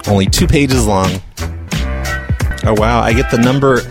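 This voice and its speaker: A man's voice: mid-range voice, unhurried, over music. A man making prank phone calls and chatting between them, stammering and teasing. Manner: mocking, stammering, playful. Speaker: prank caller. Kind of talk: prank call livestream chat.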